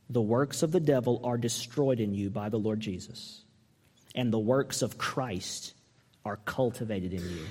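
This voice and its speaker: A man preaching a sermon as pastor, earnest and emphatic, asking the listeners pointed questions and climbing high when he mimics a harsh reading. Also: dark tone, husky, long reverb tail.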